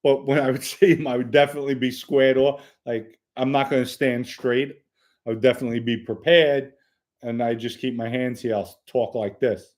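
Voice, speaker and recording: A man's voice: mid-range voice, steady tone, moderate pace, darkish tone. A man hosting a live stream, answering viewer questions in a blunt, matter-of-fact way. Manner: blunt, matter-of-fact, reads chat comments aloud. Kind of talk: casual live-stream chat.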